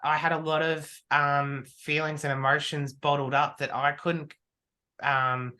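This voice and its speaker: A man speaking as a podcast guest in relaxed conversation. His voice has a bright, forward tone. He tells stories animatedly, acting out his own remarks as he goes. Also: fairly high pitch, measured pace. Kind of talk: casual conversation.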